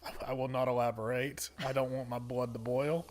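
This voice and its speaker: A man's voice: mid-range voice, level tone, brisk, slight background noise. A young man co-hosting a gaming stream, chatting casually with emphatic, mock-serious rants. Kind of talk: casual chat.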